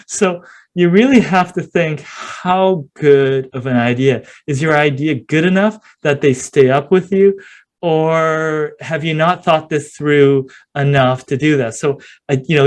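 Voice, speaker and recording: Guesting on a podcast, this man tells stories with animation, acting out scenes in relaxed interview talk. His pitch runs fairly high and his pace is measured, and he leans on lots of fillers like "you know."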